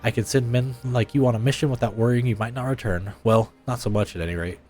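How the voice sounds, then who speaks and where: A man reading game dialogue aloud, playing a commander who speaks in a formal, measured way. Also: mid-range voice, steady tone, darkish tone, soft background music, natural voice. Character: grateful commander dispatching adventurers.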